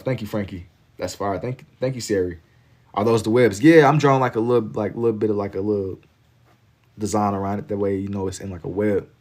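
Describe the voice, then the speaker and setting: A man's voice: fairly low pitch, darkish tone. A man from Kentucky with a Southern accent, chatting casually and rambling with lots of "like" while he draws on a live stream. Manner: laid-back, rambling, heavy on filler "like".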